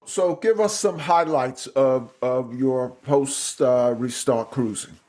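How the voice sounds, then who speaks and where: A man's voice: medium pitch, slow pace, a little mellow. A man hosting a podcast interview, often hesitating and repeating words as he frames his questions. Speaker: podcast host.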